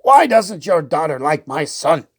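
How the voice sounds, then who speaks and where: A woman voicing an excitable, pompous old king who squeaks and sputters when he shouts. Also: unhurried, exaggerated voice. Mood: bossy.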